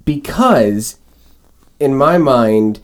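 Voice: mid-range voice, expressive, very slow. A co-host in a casual chat about movies, arguing points eagerly and enthusiastically. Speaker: podcast co-host.

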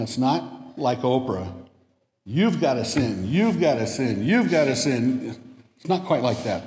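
A man's voice: medium pitch, darkish tone. A man preaches a sermon in a church, reading a long illustration story and voicing its quotes with a lift. His medium voice rings through a large room, with a reverb tail hanging after each phrase. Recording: echoey hall with long reverb.

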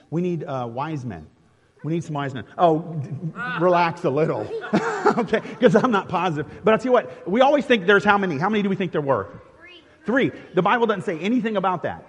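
A man's voice: on the high side, husky. A male pastor, casually directing a congregation through a nativity skit, chatty and laughing often. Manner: playful and chatty, laughing often, with many restarts. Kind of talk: interactive Christmas sermon, directing a live nativity skit. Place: church sanctuary. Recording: long reverb from a large hall.

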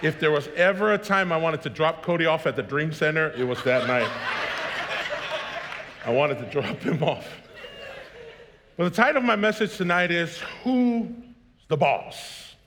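A man in his thirties, serving as pastor, delivers a sermon in a church sanctuary, starting with jokey family stories before rising into emphatic preaching. His voice sits on the high side with a fairly bright tone. The recording carries long hall reverb and slight background noise.

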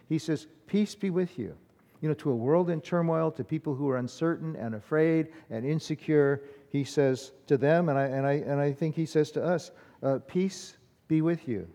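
A male pastor preaching in a church, his voice a little higher than most men's and mellow in tone. He talks earnestly and plainly, often restarting a phrase with an "uh". A long hall reverb trails behind each line. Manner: earnest and conversational, with frequent restarts and "uh" fillers. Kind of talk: sermon.

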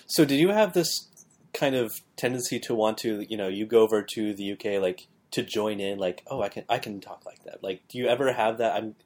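A man with a flat Midwestern American accent, rambling easily through a casual podcast conversation. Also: fairly low pitch, a little fast. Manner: relaxed, rambling, lots of fillers like "like". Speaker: podcast co-host.

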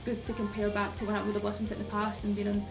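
A woman's voice: mid-range voice, completely flat delivery, very fast, gravelly, music in the background. Woman chatting in a roomy space. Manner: reflective, then bursts into enthusiasm. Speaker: podcast panelist. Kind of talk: casual chat.

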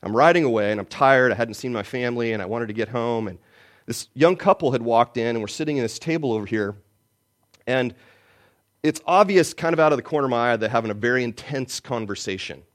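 A man preaching a sermon, telling a personal story and swinging between loud lines and hushed ones. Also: medium pitch, brisk. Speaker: pastor.

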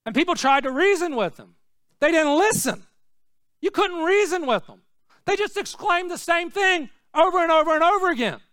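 Pastor, male, very high bright voice, dry close sound; preaches in swings from hush to shout. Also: expressive, normal speed, dry recording. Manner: swings between hushed, low asides and shouted, repetitive preaching. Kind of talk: sermon.

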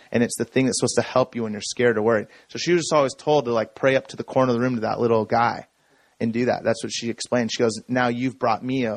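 A man telling a personal story from the stage in a relaxed, conversational way, checking in with the audience as he goes. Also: mid-range voice, no echo. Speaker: speaker. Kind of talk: conference talk.

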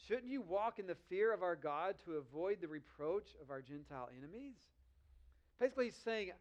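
High-voiced man preaching a sermon. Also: expressive. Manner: reads scripture slowly, then explains conversationally. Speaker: pastor.

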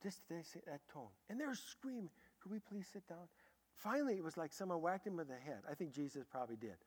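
A man preaching a sermon as a pastor, telling stories with sudden loud bursts and hushed, quiet stretches. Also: fairly high pitch, fast, breathy edge. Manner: animated storytelling, swinging from loud bursts to hushed tones. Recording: long hall reverb.

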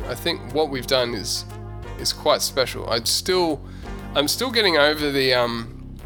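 A man hosts a podcast in a playful, rambling way. His mid-range voice carries a gravelly rasp. Music plays clearly in the background. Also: mid-range voice, animated, bright, forceful tone. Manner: chatty, playful, halting with fillers. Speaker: podcast host. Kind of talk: casual podcast chat.

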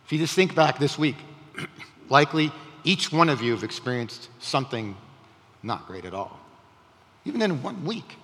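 A man preaching a sermon in a conversational, animated way, with rising emphatic questions. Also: mid-range voice, normal speed, long pauses, in a large hall. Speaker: pastor.

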